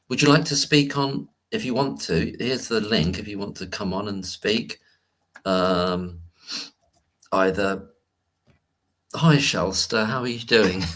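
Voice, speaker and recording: A man with a low, husky voice chats loosely on a home livestream. He rambles and restarts his sentences as he greets people in the chat one by one. Recorded on a home computer mic. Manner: rambling, hesitant, greets chat viewers warmly. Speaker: livestream host. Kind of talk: casual live-stream chat.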